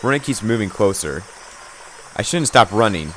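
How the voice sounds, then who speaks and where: A man reads a game's story aloud for a let's play, tense and dramatic, now and then tripping over words or adding a dry aside. His voice sits a little low. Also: lively intonation, normal speed, a bit bright, a little hiss or hum. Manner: tense reading with stumbles and asides. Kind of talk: dramatic reading of game text.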